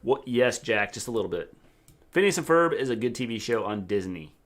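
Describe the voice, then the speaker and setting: A man's voice: medium pitch, animated, fairly quick, fairly bright tone. A middle-aged man with a Midwestern accent co-hosting a livestream, speaking in dry, matter-of-fact casual chat. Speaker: co-host, father.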